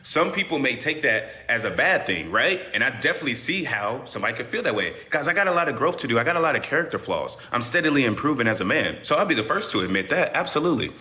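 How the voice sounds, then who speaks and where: A young man on the guest side of an interview, answering in a bright, forceful voice. He talks in an animated, defensive way and trips into repeated restarts. His pitch sits in an ordinary middle range. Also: fast, few pauses. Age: young adult. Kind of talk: defensive casual talk.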